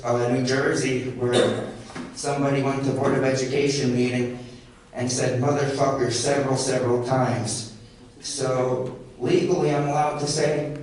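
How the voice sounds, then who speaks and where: A man's voice: medium pitch, a little mellow. A man speaking through a medical mask at public comment in a council meeting, agitated and argumentative, repeating himself. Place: large council chamber. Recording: echoey council chamber, distant mic, faint hiss.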